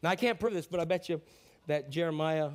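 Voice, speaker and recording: High-voiced man preaching a lively sermon. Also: fairly quick. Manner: conversational preaching, acts out quotes, swings from hushed to excited. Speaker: pastor.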